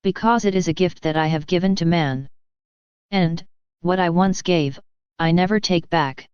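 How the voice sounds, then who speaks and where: A reader voicing Jesus as a calm, loving divine man, in a slow, measured devotional reading on a dull, lo-fi recording. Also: mid-range voice, smooth, dry recording, close to an everyday voice. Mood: solemn. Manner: slow, solemn, measured delivery.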